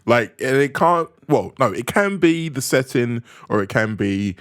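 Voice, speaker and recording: A man's voice: medium pitch, expressive, unhurried, fairly bright tone. Teasing male podcast host. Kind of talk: casual interview chat.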